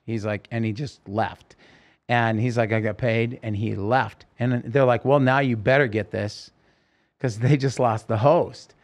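A man's voice: medium pitch, a little slow. A middle-aged man, a singer, telling a long personal story in an interview and acting out the lines of people in it. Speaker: podcast guest, singer.

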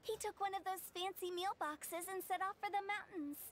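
A woman's voice: very high-pitched, moderate pace. A woman voicing a mischievous, playful young funeral director in a game who talks in a teasing, perky way.

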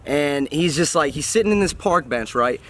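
A man hosting a casual motivational chat outdoors, telling stories in an animated way and acting out the voices. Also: fairly high pitch, moderate pace. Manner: animated storytelling, acts out voices. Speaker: host and storyteller. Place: outdoors by a road.

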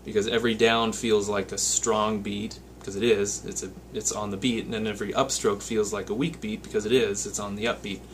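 This guitar teacher has a lowish voice and a flat delivery, speaking fairly quickly with hardly any pauses, and there's a little hiss or hum. He explains patiently step by step and counts picking strokes aloud, his own loud guitar playing behind the voice.

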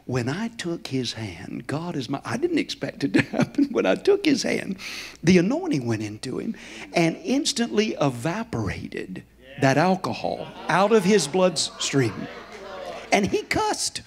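Unhurried and slightly breathy, a middle-aged man with a fairly high voice swoops wildly in pitch as he preaches. He's a guest in a church sanctuary, telling folksy stories with a chuckle in a storytelling sermon.

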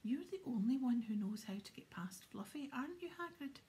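A woman's voice: high-pitched, very animated, unhurried, a little mellow, voice pushed up, exaggerated voice. A woman voicing a curious, anxious young boy wizard in a whispered role-play.

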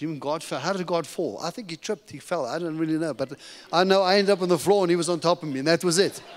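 A middle-aged man from Africa giving a sermon testimony as a guest preacher, telling his story in an animated, humorous way. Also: on the high side. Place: church sanctuary. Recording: long reverb of a church hall.

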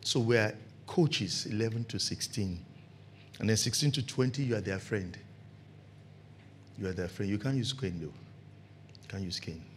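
A man's voice: on the low side, moderate pace, pauses often, slight background noise. A man with a Nigerian accent preaching a sermon, acting out scenes and laughing along the way. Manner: animated, acts out scenes with laughter. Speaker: pastor. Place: church.

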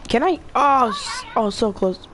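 Chatty, excitable woman gamer. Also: a little high, unhurried, a little hiss or hum. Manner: chatty and excitable, rambling with many fillers. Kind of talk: casual gameplay commentary.

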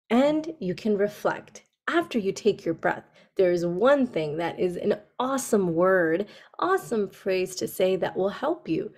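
A woman telling a story to children on a video call, speaking gently and asking them questions. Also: mid-range voice, sing-song, measured pace. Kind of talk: interactive story session for kids.

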